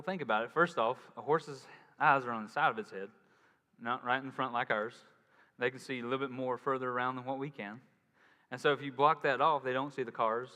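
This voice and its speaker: A man's voice: medium pitch, sharp tone. A male pastor preaching a sermon in a conversational way, acting out the voices he quotes. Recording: long reverb in a large hall.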